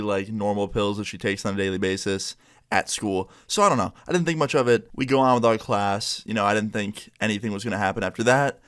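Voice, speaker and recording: A man's voice: mid-range voice, clear, resonant tone. A young man telling a school story in a casual, profane way with lots of filler words.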